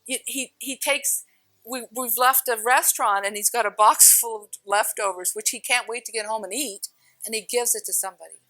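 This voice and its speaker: A middle-aged woman spiritual teacher telling stories in a casual, animated way, laughing often and shifting her pace. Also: fairly high pitch, no room sound, faint music behind. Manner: animated storyteller, laughs often, speeds up and slows down.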